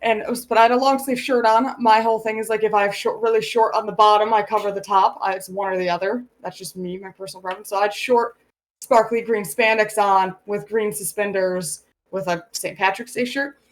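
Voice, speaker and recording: A woman's voice: mid-range voice, steady tone, brisk. A young woman from the United States co-hosting a podcast, frank and chatty, telling rambling anecdotes. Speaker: podcast co-host. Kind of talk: casual chat.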